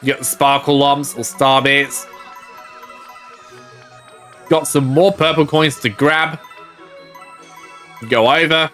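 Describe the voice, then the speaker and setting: A man's voice: mid-range voice, steady tone, slow pace, long pauses, a bit bright, soft background music. A male game streamer giving casual, rambling gameplay commentary and reading game dialogue aloud.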